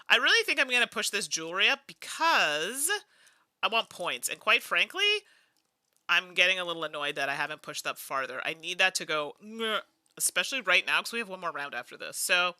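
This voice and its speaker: A woman from Canada talks her way through a solo board game, chatting to viewers between moves. Her voice is very bright and lively, with lots of pitch movement. The sound is close and dry. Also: no room sound. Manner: thinks aloud while playing, chatty asides to viewers. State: tired. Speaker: host.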